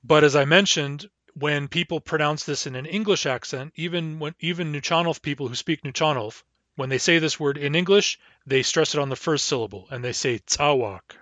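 A man's voice: a little high, fairly bright tone, no room sound. Man teaching vocabulary, dry lo-fi sound. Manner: measured, spells out and repeats each word slowly. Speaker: language teacher. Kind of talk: recorded language lesson.

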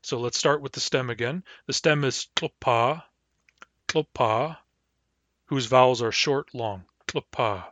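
A man teaching a language lesson, explaining the grammar patiently and step by step and slowing down to sound out each word. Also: mid-range voice, fairly even intonation, fairly bright tone, no room sound. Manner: patient, explains step by step, slows down to model words.

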